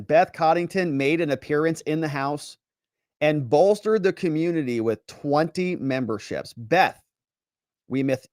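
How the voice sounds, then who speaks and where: A man who is a lawyer hosting a livestream, giving sarcastic, animated commentary and reading viewer chat aloud. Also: mid-range voice, dry recording, studio quality.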